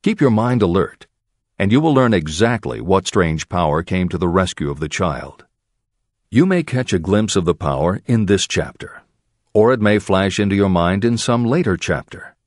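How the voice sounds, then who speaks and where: Low, expressive male audiobook narrator. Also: normal speed, dry recording, studio quality.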